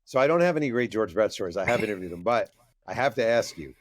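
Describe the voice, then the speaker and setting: A man from New York state, a guest author and journalist, talking in a relaxed conversational way with some hesitant fillers. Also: on the low side, fast, no room sound. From New York state, USA. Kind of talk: casual interview talk.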